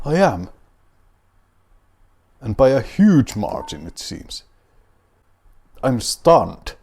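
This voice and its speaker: A man's voice: medium pitch, big pitch swings, drawn-out words, a little mellow, breathy edge. A man with a Finnish accent playing a rally game and talking to himself, wry and mock-grand, with a beer at hand. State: drinking beer while playing. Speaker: gaming video host.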